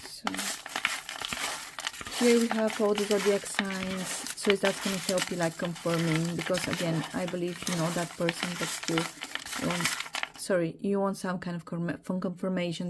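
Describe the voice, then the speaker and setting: A woman's voice: lowish voice, heavy background noise. A young adult woman giving a casual tarot reading, talking hesitantly with many fillers and apologies. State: emotional, teary. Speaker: tarot reader.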